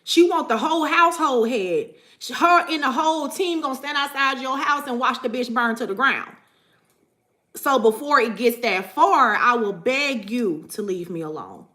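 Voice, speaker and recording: A woman vlogging casually to her viewers about spiritual matters, animated and profane, laughing often. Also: high-pitched, normal speed. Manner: profane, animated, laughs often, repeats "you know what I'm saying".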